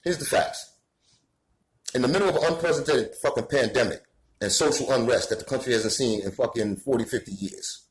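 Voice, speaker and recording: A man's voice: medium pitch, brisk, roomy sound, low-quality recording. Profane ranting Bronx man. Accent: New York, Bronx. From New York City, the Bronx. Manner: swearing, heated, rising to shouts. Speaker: commentator. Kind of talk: profane rant to camera.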